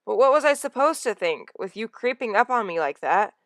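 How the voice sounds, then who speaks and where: A woman's voice: medium pitch, lively intonation, a bit bright, dry recording, studio quality, pitched above the performer's own voice, natural voice. A woman voicing a young male apprentice cat who is bold, eager and playful. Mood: excited. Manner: eager, quick to tease.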